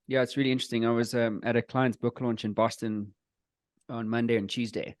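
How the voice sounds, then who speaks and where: A man's voice: mid-range voice, little pitch movement, fairly quick, no room sound. A man hosting a casual podcast, asking questions and telling loose, profane stories. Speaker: podcast host.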